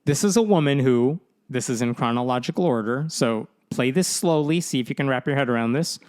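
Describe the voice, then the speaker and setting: A man hosting a podcast, casually retelling news stories with animated, sarcastic asides. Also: mid-range voice, brisk. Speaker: podcast host.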